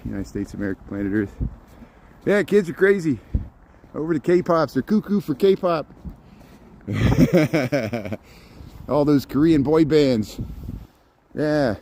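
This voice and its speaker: A man's voice: mid-range voice, mellow, slight background noise. A middle-aged man from rural Indiana with a Midwestern accent, rambling casually as a live streamer on a walk through a snowy park. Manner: rambling, chatty, chuckles often. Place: outdoors in a snowy city park.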